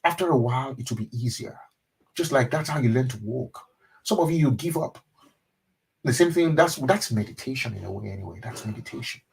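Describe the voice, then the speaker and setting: A man who is a pastor, giving a motivational webinar talk in an earnest, repetitive way that often drops to a soft, intimate tone. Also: mid-range voice, lively intonation, fairly quick, gravelly, a little hiss or hum, poor audio. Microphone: webinar microphone.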